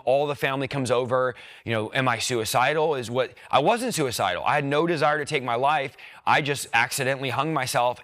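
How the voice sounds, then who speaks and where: A man's voice: mid-range voice, fairly bright tone, no room sound, clean studio sound. A young man earnestly telling his personal faith testimony, retelling near-death events with quoted thoughts and emotion. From rural background. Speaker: guest sharing a testimony.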